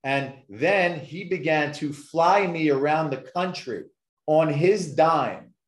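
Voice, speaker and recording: A man's voice: on the high side, lively intonation, takes it slowly. A man who is a success coach, telling his story as a guest on a podcast in an emphatic way and repeating points for effect. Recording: echoey room.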